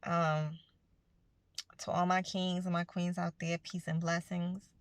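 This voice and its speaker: A woman's voice: fairly low pitch, little pitch movement, slow, dry recording. A woman giving a casual, earnest motivational talk to her viewers, speaking conversationally about spiritual growth. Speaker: self-help vlogger.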